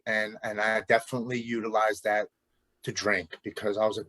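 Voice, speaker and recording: A man's voice: lowish voice, little pitch movement, normal speed, bright, forceful tone, no echo. A man in his forties telling his own recovery story as a guest, earnest and emotional. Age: 40s.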